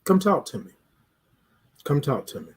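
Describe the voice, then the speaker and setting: A man's voice: a little high, big pitch swings, moderate pace, breathy edge. A man hosting a live show, talking straight to his viewers in an emphatic, preachy monologue. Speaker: host of a live talk show. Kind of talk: motivational live-stream monologue.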